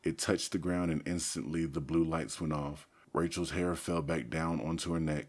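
Deep-voiced man narrating a storybook. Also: steady tone, moderate pace, few pauses. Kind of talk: first-person audiobook narration.

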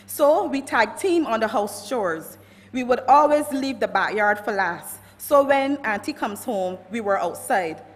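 Barbadian woman reading a eulogy in a church. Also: on the high side. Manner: reads from notes, warm storytelling with quoted anecdotes. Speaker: family member giving a eulogy. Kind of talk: reading a eulogy at a funeral service. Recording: long church reverb.

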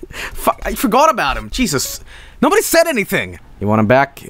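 A man streaming a video game, rambling and swearing in animated, casual commentary. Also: sits high, normal speed, pauses often, dry recording. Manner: rambling, profane, animated, jumps to silly voices.

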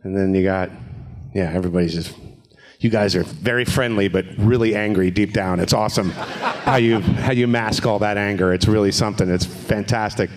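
A man's voice: fairly low pitch, moderate pace. A man, a voice actor talking casually on a convention panel, joking and slipping into voices. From New Jersey. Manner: jokey, slips into character voices. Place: convention stage.

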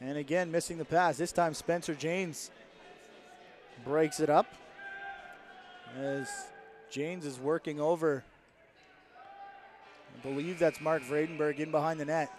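A man calling lacrosse play-by-play, following the action quickly and lifting his voice as plays develop. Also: a little high, steady tone. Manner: rapid play-by-play, rising with the action. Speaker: play-by-play commentator. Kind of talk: sports commentary.

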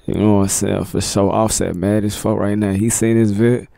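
A man's voice: on the low side, little pitch movement, normal speed, gravelly, warm tone, dry recording, clean studio sound. Laid-back slangy man reacting to a video. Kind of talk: casual reaction commentary.

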